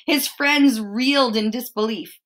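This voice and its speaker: A woman teacher reading a picture book aloud to children, expressive and stopping to ask them questions. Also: fairly high pitch, a little slow.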